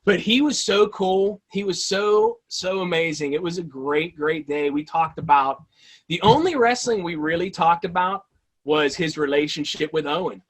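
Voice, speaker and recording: A man tells lively stories as a guest on an interview show. His voice sits a bit high for a man. He talks with animated enthusiasm, casual and eager. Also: moderate pace. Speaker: guest, toy-hunting video creator.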